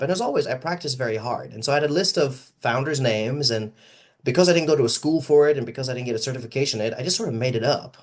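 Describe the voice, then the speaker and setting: A man, a podcast guest and event host, telling stories in an animated way and acting out the people he quotes. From Ireland. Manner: animated storyteller, acts out quoted voices with big pitch jumps. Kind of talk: storytelling interview answers.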